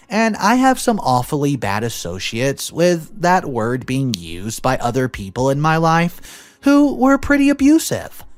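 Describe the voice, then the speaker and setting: A narrator reading online stories aloud, adding their own commentary and acting out the quoted lines. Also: mid-range voice. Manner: expressive storytelling, acts out quoted lines. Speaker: story narrator and channel host.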